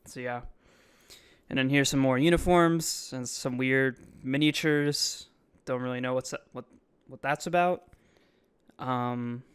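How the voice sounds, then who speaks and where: A man's voice: medium pitch, a bit bright, clean tone. A man giving casual, rambling voice-over commentary on his own video, full of ums and likes. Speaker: vlogger. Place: voice-over, not recorded in the museum.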